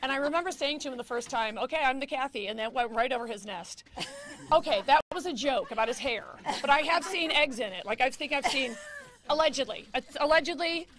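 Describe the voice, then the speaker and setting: Brief: woman in her fifties, comedian at a press conference, high voice, wry, self-mocking, nervous. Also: expressive, brisk, noisy background. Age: 50s.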